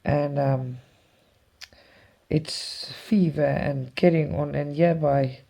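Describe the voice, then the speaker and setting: A woman's voice: low-pitched, takes it slowly, vocal fry, pauses often, warm tone, slightly rough. A woman vlogger, telling a personal story in a rambling, emotional way. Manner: rambling, emotional retelling with restarts. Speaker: cross-stitch vlogger. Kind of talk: casual storytelling chat.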